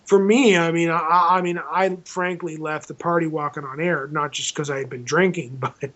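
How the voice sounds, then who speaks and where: A man's voice: fairly high pitch, fairly even intonation, normal speed, fairly bright tone. A man, a film director being interviewed as a guest, tells a long anecdote and acts out both sides of the conversations, with frequent restarts. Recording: dull lo-fi sound.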